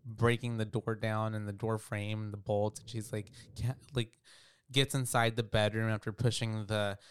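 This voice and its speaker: A man's voice: lowish voice, level tone, normal speed, smooth. A man co-hosting a podcast, casually recapping a movie with loose, profane storytelling and lots of fillers. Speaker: podcast co-host.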